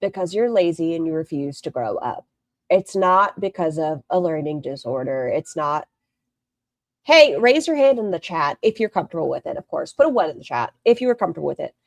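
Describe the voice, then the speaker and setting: A woman's voice: sits low, sing-song, fairly quick, dry recording. A woman hosting a live stream, giving blunt, sarcastic reaction commentary and swearing freely.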